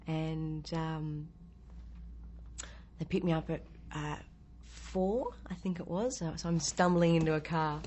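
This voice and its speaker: An actress telling an interview anecdote in a lively way, acting out the lines she quotes. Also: deep voice, slight background noise.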